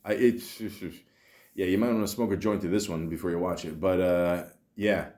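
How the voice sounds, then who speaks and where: Man, podcast host, low voice, rambling casual chat, lots of ums and restarts, swears. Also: fairly even intonation, moderate pace, warm tone.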